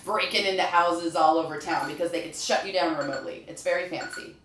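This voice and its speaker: A woman real estate agent chatting casually, telling anecdotes with quick asides. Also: fairly low pitch, a bit bright, slight background noise. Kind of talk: casual chat. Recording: roomy echo, distant mic.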